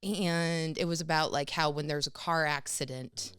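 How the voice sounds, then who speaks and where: Low-voiced chatty woman podcast co-host. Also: moderate pace, clean tone, dry recording, clean studio sound. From United States. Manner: laughs often while telling stories; lively, chatty storyteller. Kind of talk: casual comedy podcast chat.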